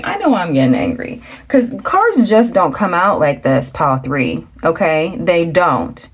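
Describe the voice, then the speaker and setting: A woman giving a chatty tarot reading to her viewers. She talks fast and loose, often getting excited, exclaiming and laughing at the cards. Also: fairly low pitch, breathy edge. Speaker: tarot reader. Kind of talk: casual tarot reading to camera.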